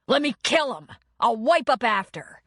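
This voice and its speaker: A woman's voice: fairly high pitch, very animated, measured pace, sharp tone, dry recording, studio quality, voice pushed up, full character voice. A woman voicing a furious, protective brother who talks nasally through a broken nose, belligerent and threatening.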